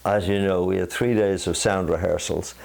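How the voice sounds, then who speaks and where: Older man with a gravelly low voice. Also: fairly even intonation, normal speed, a little mellow. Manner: rambling storyteller, chuckles, mimics voices in jokes. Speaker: singer and show host. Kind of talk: casual anecdote between old bandmates. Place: living room of a home.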